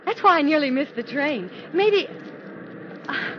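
A woman's voice: high-pitched, animated, measured pace, a little hiss or hum. An actress playing a naive, chatty young woman librarian, breathless and fluttery, in 1940s radio acting on a dull old recording.

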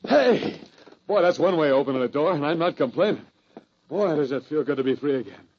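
An actor playing an excitable sidekick in an old radio drama, brash and outspoken. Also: male voice, on the high side, fast, a little hiss or hum, close to an everyday voice. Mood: excited. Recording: dull lo-fi old radio recording.

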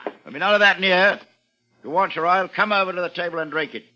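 Actor as a blunt tavern keeper, bright hard voice, dull old radio play recording. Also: male voice, sits high, fast talker. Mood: stern. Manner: curt and blunt. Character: gruff stern male tavern keeper. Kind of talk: radio drama acting.

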